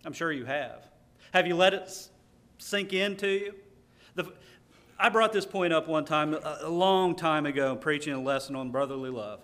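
A man delivers a sermon from the pulpit, leaning hard on key words as he reads out scripture. His voice sits a little higher than most men's. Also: normal speed, a bit bright. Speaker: preacher.

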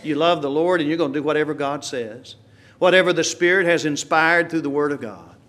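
A man preaching a sermon, swinging from quiet, slow asides to loud, emphatic lines. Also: on the high side.

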